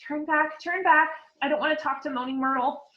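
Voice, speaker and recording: A woman's voice: sits high, level tone, reverberant, lo-fi sound, close to an everyday voice. A woman doing an earnest schoolgirl know-it-all. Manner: quick and anxious.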